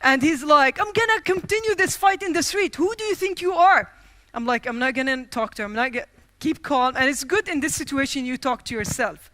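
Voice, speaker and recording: A woman delivers a storytelling speech from a conference stage, with a high, bright voice. She is animated and acts out each line of quoted dialogue. The sound is dry and close. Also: brisk, no echo. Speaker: keynote speaker.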